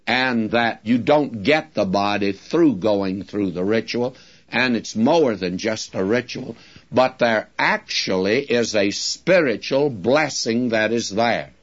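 A man teaching a Bible-study sermon in a slow, deliberate, folksy preaching manner, addressing his listeners directly. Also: lowish voice, highs cut off.

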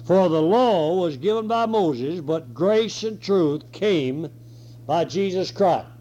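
Guy preaching slow with a head cold, kinda high voice, muffled old recording. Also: expressive, warm tone. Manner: slow, deliberate preaching with scripture reading and throat clearing. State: hoarse with a cold. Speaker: pastor. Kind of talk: sermon. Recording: dull lo-fi recording.

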